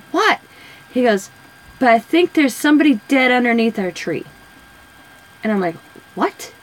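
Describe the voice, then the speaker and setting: Chatty woman, higher voice. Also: poor audio. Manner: rambling, chatty storyteller. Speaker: craft vlogger. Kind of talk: casual chat while coloring.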